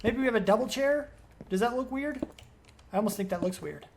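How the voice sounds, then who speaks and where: A man's voice: extremely high pitch, animated, a little fast, slight background noise. A man giving let's play commentary as a gaming video creator, rambling and thinking aloud as he questions himself.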